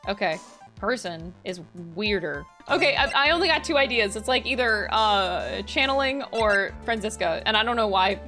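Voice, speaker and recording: A young woman streamer reacting to a game as she plays, excitable and swearing casually as she thinks aloud. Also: mid-range voice, normal speed. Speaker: let's play streamer. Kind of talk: live game reaction commentary. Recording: game music under the voice. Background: game music.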